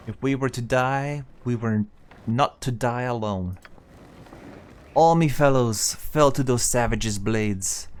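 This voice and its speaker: A man's voice: medium pitch, natural voice. A man voicing a battered, boastful male dwarf warrior from a fantasy game, reading the dialogue aloud in a put-on dwarvish brogue that drops words.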